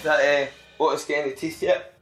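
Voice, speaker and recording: A man interjecting with brief questions and dry remarks. His voice is a touch high. The room around him rings with echo. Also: level tone, brisk, over loud music. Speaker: podcast co-host. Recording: echoey room.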